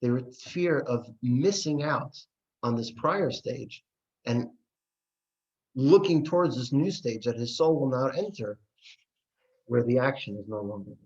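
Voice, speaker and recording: A man's voice: medium pitch, unhurried, pauses often. A man teaching a class on Jewish texts, reading passages aloud and explaining them earnestly. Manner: earnest, animated, reads and paraphrases text aloud. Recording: dull lo-fi recording.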